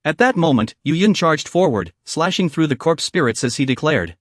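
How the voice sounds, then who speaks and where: A man's voice: a little high, big pitch swings, brisk, hardly any pauses, dry recording, studio quality. A man narrating a story recap in a scripted, dramatic storytelling voice.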